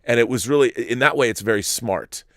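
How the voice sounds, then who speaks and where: A man's voice: mid-range voice, brisk, a bit bright, no echo, studio quality. A man talking casually about a TV show, rambling and restarting his sentences. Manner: rambling, restarts often, acts out quotes. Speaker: podcast co-host. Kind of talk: casual discussion.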